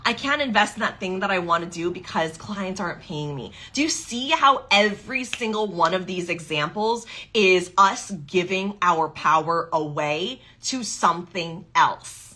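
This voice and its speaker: A woman's voice: lowish voice, expressive, measured pace, few pauses, bright, forceful tone. A woman giving a motivational coaching talk on sales and money, emphatic and fond of acting out inner doubts in quoted voices.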